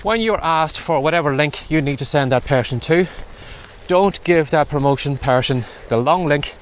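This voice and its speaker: Speaking at normal speed in a fairly high voice, a man hosts a casual walking vlog in strong wind and rain. The podcast host is slightly winded as he chats and hands out advice.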